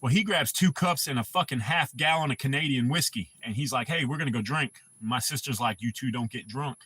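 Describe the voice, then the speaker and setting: A man's voice: mid-range voice, a little fast, bright, forceful tone, husky. A man chatting casually on his livestream, telling rambling, profane stories. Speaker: livestream host.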